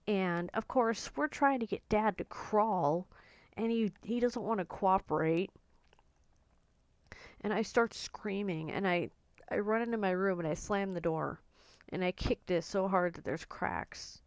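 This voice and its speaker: A woman telling a personal family story in a halting, emotional monologue with many restarts. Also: mid-range voice, no echo.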